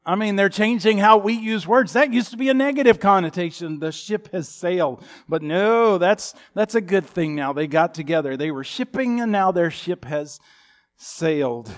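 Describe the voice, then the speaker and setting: Fifties preacher guy, joking and folksy, kinda high voice, animated. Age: 50s. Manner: folksy, humorous, animated storytelling. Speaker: pastor. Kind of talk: sermon.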